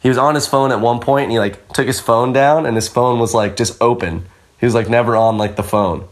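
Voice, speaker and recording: A man's voice: medium pitch, brisk. A young man, a podcast guest and pro skateboarder, telling a story casually with lots of fillers, swearing and acted-out voices. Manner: rambling, filler-heavy, swears, acts out the voices in his stories.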